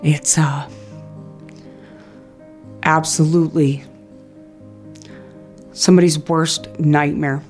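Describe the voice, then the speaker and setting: A woman's voice: deep voice, little pitch movement, takes it slowly, pauses often, darkish tone. A woman in a documentary interview, retelling a conversation and quoting the voices in it. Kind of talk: personal recollection. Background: faint music.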